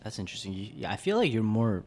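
A man co-hosting a podcast, calm and reflective, often answering with short reactions. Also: lowish voice, quick pace, slight background noise. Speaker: podcast co-host. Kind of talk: casual chat.

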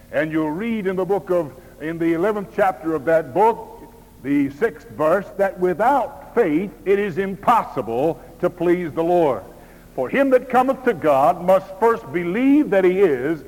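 A pastor preaching a Sunday morning sermon in slow, measured phrases with emphatic pauses. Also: male voice, high voice, a little mellow. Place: church auditorium. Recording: long hall reverb.

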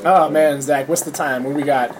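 A young man co-hosting a casual podcast, pitched a bit high as he tells crude stories between bursts of laughter. A steady hiss of noise sits under his voice. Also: normal speed. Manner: profane, laughing storyteller. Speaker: podcast co-host. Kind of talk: casual podcast banter and storytelling.

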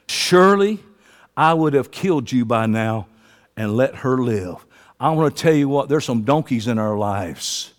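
A man preaching a sermon in a folksy, joking way, swinging into loud, excited preaching. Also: medium pitch. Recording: long hall reverb.

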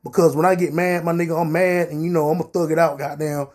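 A young man telling a profane, animated story on his podcast. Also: fairly high pitch, fast talker. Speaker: podcast host. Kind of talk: casual storytelling.

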